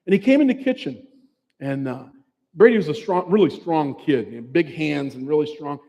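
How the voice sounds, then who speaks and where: An earnest man in his fifties gives a personal testimony speech, talking plainly and conversationally to an audience. His voice sits a little high for a man. Long reverb from a large hall trails behind every phrase. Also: animated, moderate pace, warm tone, dull audio. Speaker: bereaved father giving a talk.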